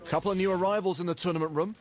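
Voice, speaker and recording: A man giving play-by-play sports commentary, brisk and lightly witty. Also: high-pitched, fairly even intonation.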